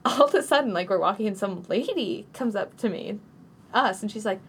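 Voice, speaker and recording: A woman co-hosting a casual chat, telling an animated story and putting on shrill voices for the people she quotes. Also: a little fast, slight background noise. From Boston area. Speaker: podcast co-host.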